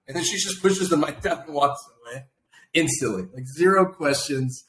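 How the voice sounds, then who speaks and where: A man's voice: a little high, normal speed, a bit bright. A man co-hosting a podcast, chatting casually and animatedly, laughing and mimicking others. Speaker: podcast co-host. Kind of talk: casual political chat. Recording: echoey room with faint noise.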